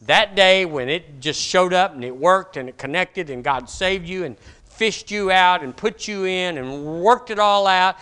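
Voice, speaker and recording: A man preaching a sermon in a bright, forceful voice pitched a little high. He swings between ringing declarations and hushed, quiet asides. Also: a little slow, smooth. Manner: emphatic preaching, rising and dropping to soft asides. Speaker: pastor.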